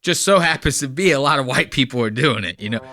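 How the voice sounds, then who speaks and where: A man's voice: mid-range voice, expressive, fast, background noise. A man hosting a podcast, chatting casually and profanely about clips he plays, with lots of fillers. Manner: profane, rambling, filler-heavy. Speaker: podcast host.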